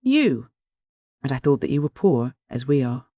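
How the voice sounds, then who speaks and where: A reader speaking as a young woman in a classic mystery audiobook, cool and blunt with her neighbor. The voice sits at a middle pitch. The recording is dry and close. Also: very animated, normal speed, mellow, no echo. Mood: reserved. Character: cool, frank young woman, engaged to be married. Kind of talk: audiobook dialogue reading.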